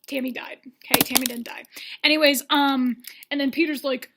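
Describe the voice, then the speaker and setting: A woman's voice: high voice, steady tone, fairly quick, a bit bright. A woman giving a rambling, sarcastic comedic recap of a dating show, with lots of fillers.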